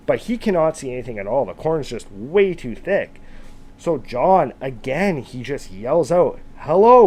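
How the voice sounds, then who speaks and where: Lively casual male storyteller. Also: mid-range voice. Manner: casual, conversational, with fillers like "kind of" and "like"; shouts out quoted calls with a loud burst. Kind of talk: retelling a true scary encounter.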